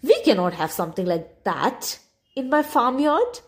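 A woman's voice: sits high, sing-song, unhurried, full character voice. A woman voicing a grand, haughty old female duck in a storybook, drawing her words out with condescension.

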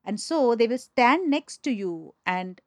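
Animated middle-aged woman storyteller. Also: a little high, a little slow, no room sound, clean studio sound. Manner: animated, candid, acts out the people she quotes. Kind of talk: anecdotal storytelling in conversation.

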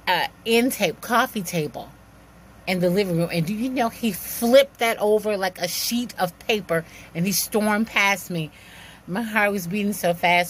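A woman telling a personal story in a lively, animated way, acting out the dialogue and laughing now and then. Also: medium pitch, slight background noise.

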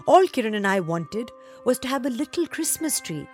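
A woman voicing a young schoolgirl in a storybook reading, speaking high and pleading. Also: very animated, moderate pace, over music. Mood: eager, tearful. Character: young girl, upset and eager.

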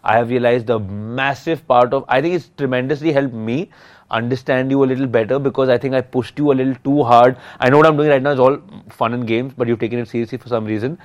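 A man in his thirties, medium-pitched and fast-talking, co-hosts a casual podcast with his wife, and the recording sounds muffled. Worn out from too little sleep, he rambles, cracks jokes, and keeps cutting himself off mid-thought in their relaxed couple's chat.

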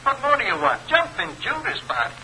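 A man's voice: very high voice, huge pitch swings, moderate pace, bright, forceful tone, a little hiss or hum, heavily acted, poor audio. A man playing an impatient, brusque police inspector speaking over a telephone in a 1940s radio drama. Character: gruff blustering police inspector on the phone.

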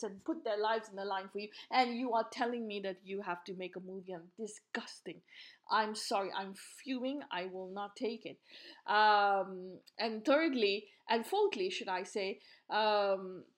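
A woman hosting a podcast, delivering an impassioned, indignant opinion monologue with frequent repeats and restarts. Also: fairly high pitch. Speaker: podcast host.

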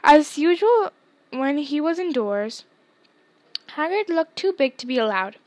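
A woman reading a novel aloud with steady storybook narration. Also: sits high, a little slow. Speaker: podcast reader.

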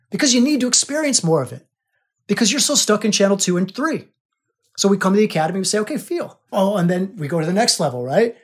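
A man with a husky, slightly breathy voice hosts his own podcast as a spiritual coach. He drives each idea home with emphatic, repeated phrases, sounding like a teacher pressing his listeners to change. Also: high-pitched. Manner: emphatic, repetitive teaching delivery.

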